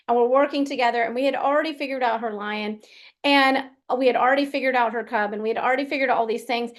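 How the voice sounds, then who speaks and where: During a live Q&A session, a woman performance coach with a high voice tells a story in a chatty, animated manner.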